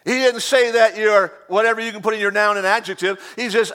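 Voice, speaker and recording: A male pastor delivers a sermon in a notably high voice. He drives his points home with repetition and loud emphasis, then eases into humorous asides. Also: normal speed.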